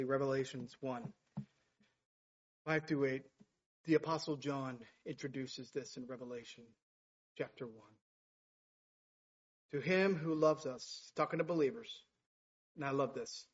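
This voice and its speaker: A man's voice: medium pitch, unhurried, pauses often, slightly rough, highs cut off. A male pastor preaching a sermon, rising to urgent, emphatic passages. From United States.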